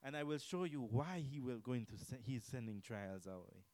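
A man preaching a sermon, asking the listeners questions and repeating key lines, swinging from loud to quiet. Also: mid-range voice, moderate pace, no room sound, low-quality recording. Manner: emphatic, repetitive, rhetorical questions, swings between loud and quiet.

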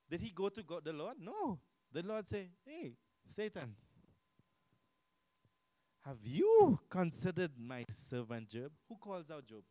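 A man preaching a sermon, asking the listeners questions and repeating key lines, swinging from loud to quiet. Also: sits high, dry recording, low-quality recording. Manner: emphatic, repetitive, rhetorical questions, swings between loud and quiet.

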